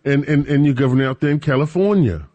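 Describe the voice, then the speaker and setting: A man's voice: fairly high pitch, fast talker, a little mellow. A man hosting a weekend radio talk show, chatting and joking with a co-host and often restarting his sentences. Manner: chatty, jokey, stumbles and restarts. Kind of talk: casual radio banter.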